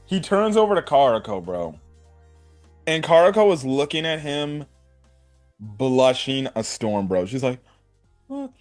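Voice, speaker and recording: Excitable young guy reviewing anime. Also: medium pitch, a little slow, faint music behind. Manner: excited, rambling, says "bro" and "right?". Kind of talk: casual episode review.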